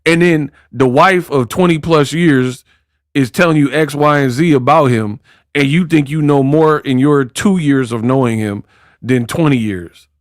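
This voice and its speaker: In a clean studio recording without any room sound, a boxing commentator with a mid-range voice talks a little slowly. His casual commentary is slangy and mocking, and he performs the quotes he cites.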